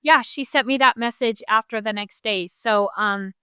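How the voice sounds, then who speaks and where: A woman's voice: a little high, normal speed, clean tone, no echo, clean studio sound. A woman co-hosting a podcast, a mother talking in a chatty way full of "like" and "you know". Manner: chatty, warm interviewer tone, lots of "like" and "you know". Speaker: podcast co-host. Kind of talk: casual podcast conversation.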